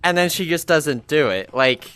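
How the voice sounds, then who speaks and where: Bright-voiced young man venting casually. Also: fairly high pitch, expressive, moderate pace, clean tone, dry recording. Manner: rambling, complaining, frequent fillers. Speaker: gaming vlogger. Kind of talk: casual rambling vent while gaming. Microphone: VR headset mic.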